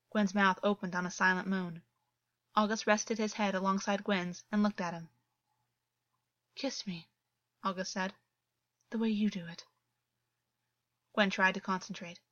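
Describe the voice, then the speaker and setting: A woman narrating a story as an audiobook reader, with a steady, even reading delivery. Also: medium pitch, no room sound, muffled recording. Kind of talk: scripted narration.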